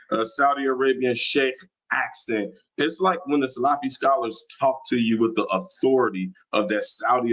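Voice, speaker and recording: A man's voice: mid-range voice, fairly bright tone, rough recording. Argumentative man on a livestream. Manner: argumentative, challenging, repeats himself. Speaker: livestream host. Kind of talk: religious livestream talk reading comments.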